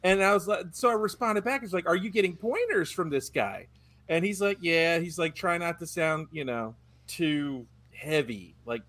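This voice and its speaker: A married man on a casual podcast, excitedly retelling a funny exchange with a friend. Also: on the high side. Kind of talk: casual chat.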